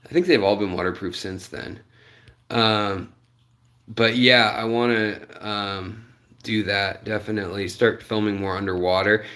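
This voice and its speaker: A man's voice: on the low side, fairly even intonation, measured pace, fairly bright tone. A man hosting a casual live stream, rambling with lots of fillers and greeting viewers in the chat by name. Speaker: livestream host.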